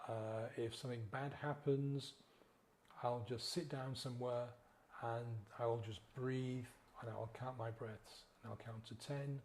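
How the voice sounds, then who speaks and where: A man guiding a slow, gentle breathing exercise as a sobriety coach, counting the breaths in a soothing way. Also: mid-range voice, a little hiss or hum.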